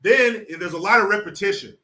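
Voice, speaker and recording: A man giving sarcastic political commentary in an animated, mocking way. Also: sits high, fairly quick. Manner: sarcastic, animated, laughs often.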